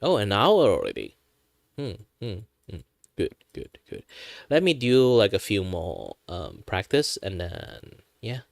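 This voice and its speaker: A man's voice: fairly low pitch, wildly swooping pitch, unhurried, gravelly, no room sound. A young man chatting casually on a stream in a rambling way, with a dry throat. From Malaysia. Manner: rambling, with many fillers and restarts. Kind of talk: casual chat.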